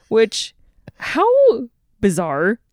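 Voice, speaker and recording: A woman's voice: medium pitch, very animated, extremely slow, no echo, clean studio sound. A young woman co-hosting a podcast at home, telling a story in a casual chat with frequent giggles. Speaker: podcast co-host.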